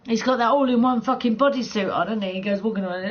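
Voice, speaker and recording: A woman's voice: fairly high pitch, fast talker, muffled recording. A middle-aged woman chatting casually with viewers on her live gaming stream, rambling, laughing often and swearing freely.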